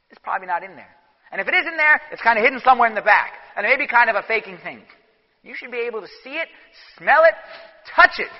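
A man, a priest, preaching a sermon in an animated, emphatic way with sudden bursts. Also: high-pitched. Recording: dull echoey church recording.

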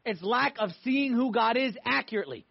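A man preaching a sermon to a congregation, emphatic, swinging between loud pushes and hushed moments. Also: extremely high pitch, expressive, brisk, vocal fry. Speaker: pastor. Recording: dull lo-fi sound.

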